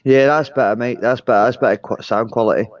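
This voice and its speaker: A man's voice: medium pitch, quick pace, no room sound. A man, calling in to a livestream and teasing bluntly with swearing. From England. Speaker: caller on a livestream. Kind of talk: casual chat. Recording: dull, lo-fi call audio.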